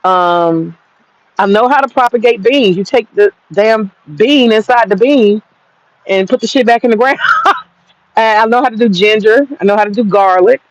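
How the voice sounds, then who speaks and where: A woman talks to her phone in the garden, chatty, excitable and swearing freely. Her voice sits mid-pitch. The audio is muffled and lo-fi. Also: dry recording. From Georgia, US. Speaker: gardening vlogger. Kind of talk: casual outdoor vlog. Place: outdoor home garden.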